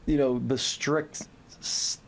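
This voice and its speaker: A man hosting a podcast interview, asking questions in a halting way with frequent restarts. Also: mid-range voice, fairly even intonation, gravelly. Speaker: podcast host.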